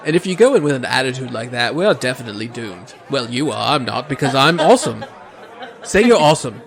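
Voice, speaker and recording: A man's voice: mid-range voice, sing-song, fast talker, vocal fry, a crowd in the background. A man playing a cocky pushy hero. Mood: pep talk. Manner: aggressively encouraging, laughing. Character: boastful, pushy male aasimar hero. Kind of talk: tabletop role-play.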